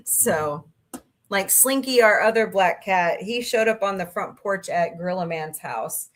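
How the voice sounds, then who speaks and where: A woman's voice: medium pitch, lively intonation, a little slow. A middle-aged woman hosting a casual livestream, chatting and rambling through stories with her live chat. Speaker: livestream host.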